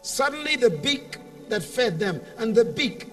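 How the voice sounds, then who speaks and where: A man's voice: very high voice, very animated, a little slow, fairly bright tone, far from the mic, faint music behind. A man giving a motivational speech to a convention audience, telling a story dramatically and leading call-and-response. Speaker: motivational speaker. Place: large convention hall.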